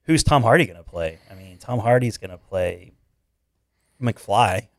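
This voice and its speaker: A man co-hosting a casual movie chat, jokey and animated, often cutting in. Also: lowish voice, a little slow, no room sound, clean studio sound. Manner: animated, jokey, interrupts with bits. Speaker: podcast co-host.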